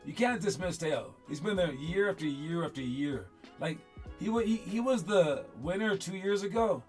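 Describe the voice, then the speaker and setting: A man's voice: high-pitched, animated, moderate pace, faint music behind. A man coaching young basketball players in casual, rambling talk that often repeats itself. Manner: rambling, upbeat, repeats himself.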